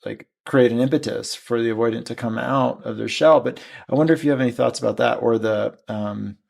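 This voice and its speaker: Gravelly-voiced man hosting an interview. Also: medium pitch, fairly even intonation, brisk, darkish tone. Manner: hesitant, many fillers and restarts. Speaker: podcast host. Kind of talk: conversational interview.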